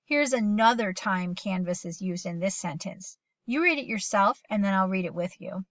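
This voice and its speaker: A middle-aged woman teaching a phonics lesson to young children at home, patient and encouraging, reading sentences slowly aloud with them. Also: medium pitch, animated, no room sound, dull audio.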